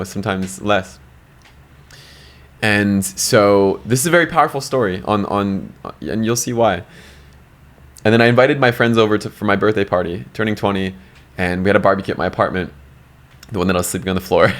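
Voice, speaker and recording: Deep-voiced young man telling a story. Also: fairly bright tone. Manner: blunt, swears freely, lots of fillers. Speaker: podcast guest. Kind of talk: casual storytelling with acted-out quotes.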